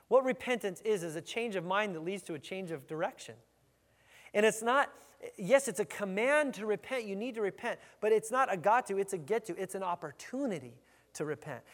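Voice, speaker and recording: A male pastor with a high, bright-edged voice delivers an energetic, emphatic sermon, doubling back on his words as he goes. His voice rings with the long echo of a big church sanctuary. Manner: energetic, emphatic preaching with frequent restarts.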